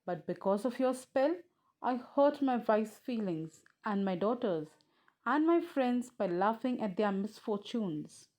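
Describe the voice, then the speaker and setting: A woman's voice: fairly high pitch, animated, unhurried, a little mellow. A woman reading as a laughing, apologetic king. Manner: read aloud with laughing syllables.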